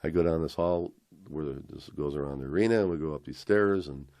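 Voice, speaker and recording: An older man, interviewed, excitedly retelling an old story and acting out the dialogue as he goes. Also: rumbling low, fairly quick, dry recording, studio quality. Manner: acts out dialogue, rambling and excited. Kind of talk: animated anecdote retelling.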